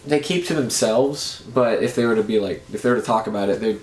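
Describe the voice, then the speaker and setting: A man's voice: medium pitch, quick pace, a little mellow. A young man who grew up in Japan, a podcast guest talking in loose, profane, laughing banter. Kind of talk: casual podcast chat. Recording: echoey room.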